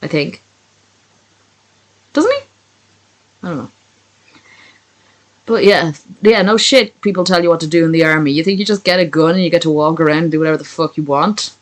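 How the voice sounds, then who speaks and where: A woman's voice: sits low, normal speed, long pauses. A woman reading a fan story aloud on a livestream, breaking off for profane, sarcastic chat with her viewers. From not from America.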